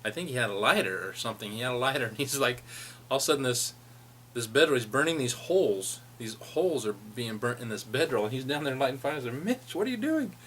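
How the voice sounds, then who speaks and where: A man's voice: mid-range voice, fast, fairly bright tone, slight background noise. A middle-aged man telling rambling personal stories about a friend, laughing as he reminisces. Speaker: friend sharing memories. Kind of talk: personal storytelling.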